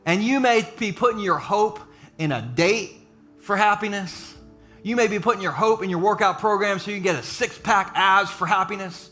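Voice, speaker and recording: A man preaching a sermon to a live church audience, mixing jokes and quick asides with his encouragement. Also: high-pitched, lively intonation, pushed and bright, soft background music. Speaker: pastor.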